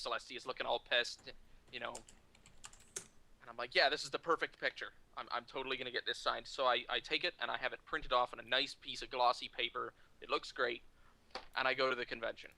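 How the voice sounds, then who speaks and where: A man casually telling a funny anecdote to friends in a lively, chatty way. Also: mid-range voice, gravelly. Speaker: storyteller.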